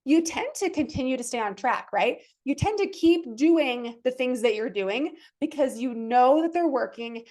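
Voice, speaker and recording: A woman's voice: high voice, darkish tone. A woman in her thirties hosting a fitness podcast, talking casually and enthusiastically and acting out the thoughts people have in their heads. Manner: chatty, enthusiastic, acts out her own inner thoughts. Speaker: fitness coach and podcast host. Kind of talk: casual motivational podcast talk.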